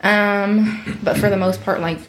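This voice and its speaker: A woman's voice: mid-range voice, fairly even intonation, a little slow, a little hiss or hum. Chatty young woman, "like" after every few words. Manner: chatty, heavy use of "like". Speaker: podcast co-host. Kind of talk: casual chat.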